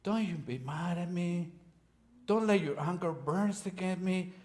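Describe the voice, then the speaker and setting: A man's voice: high voice, measured pace, darkish tone, voice pushed up. A man voicing a frightened young man who exclaims and pleads. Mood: pleading.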